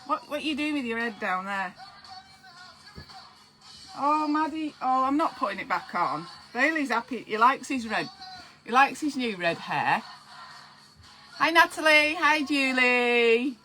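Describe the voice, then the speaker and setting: Woman, live-stream host, giddy chatty manner, higher voice, bright tone. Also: expressive, unhurried, pauses often, rough recording. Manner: giddy and chatty, fussing over her pets. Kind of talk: casual live-stream chat to viewers. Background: faint Halloween music.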